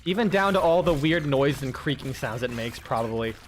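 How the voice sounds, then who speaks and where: A tired man chatting casually while streaming a game, rambling and excitable, swearing and laughing often. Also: medium pitch, fairly quick, slight background noise. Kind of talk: casual gaming stream chat.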